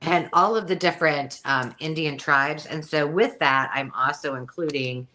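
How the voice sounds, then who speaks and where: A middle-aged woman with a low-pitched, sharp-toned voice hosts a live sale at a moderate pace. Her casual live-stream selling chat is rambling and chatty, full of frequent ums.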